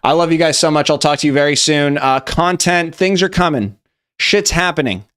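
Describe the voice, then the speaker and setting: A man's voice: on the high side, normal speed, fairly bright tone, clean tone. A young man hosting a live stream, reacting loosely and profanely to memes, rambling and chatty. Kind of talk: casual live-stream meme review.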